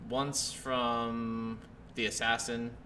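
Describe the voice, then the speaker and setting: Bright-voiced man co-hosting a podcast. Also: medium pitch, little pitch movement, drawn-out words, slight background noise. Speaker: podcast co-host. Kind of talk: casual gaming podcast chat.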